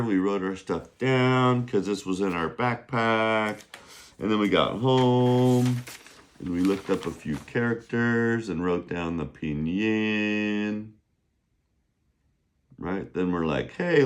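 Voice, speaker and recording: Casting: deep-voiced male teacher, voice wearing thin, slow, animated delivery. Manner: upbeat, drills with repeat-after-me. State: losing his voice. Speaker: Mandarin teacher. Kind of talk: casual vocabulary lesson. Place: beach, outdoors.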